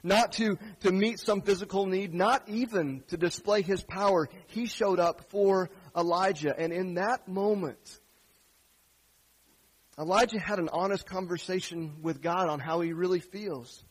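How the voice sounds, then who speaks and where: A male pastor giving a sermon, asking gentle, earnest questions of his congregation. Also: high voice, measured pace, husky, low-quality recording.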